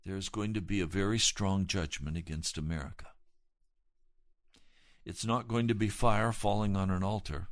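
Emphatic low-voiced male preacher. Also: moderate pace, no room sound, clean studio sound. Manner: emphatic preaching that swells loud at climaxes; retells scripture with dramatic emphasis. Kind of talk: sermon.

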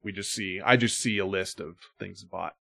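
A man's voice: sits low, moderate pace, gravelly, bright, forceful tone. A man co-hosting a podcast, chatting loosely and thanking supporters. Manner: loose, rambling, thanks listeners. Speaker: podcast co-host. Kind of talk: casual podcast chat.

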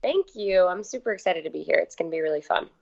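A young woman guest in her twenties, a little hoarse, chatting casually with lots of "like" fillers. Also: on the low side, expressive, quick pace, lo-fi sound. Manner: chatty, filler-heavy, uses "like" a lot. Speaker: guest athlete. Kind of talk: casual interview chat.

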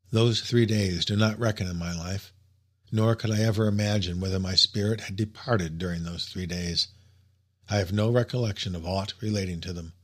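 Male audiobook narrator, lowish voice, measured and expressive, reading old literary prose. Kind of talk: scripted narration.

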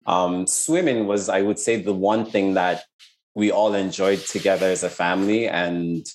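A man's voice: sits low, fairly even intonation, normal speed, slight background noise. A man from Nigeria, an artist talking reflectively in an interview, often restarting his sentences. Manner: reflective, with frequent restarts and "like" fillers. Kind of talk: casual interview conversation.

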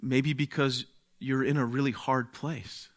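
A man preaching a sermon, speaking slowly and deliberately, dropping to a hush and then rising to exclaim. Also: medium pitch, steady tone. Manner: slow, deliberate, swings from hushed to exclaiming.

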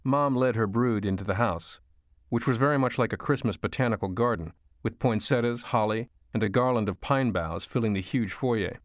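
A man reading an audiobook in a measured, gentle storytelling manner. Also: lowish voice. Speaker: audiobook narrator. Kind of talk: scripted narration.

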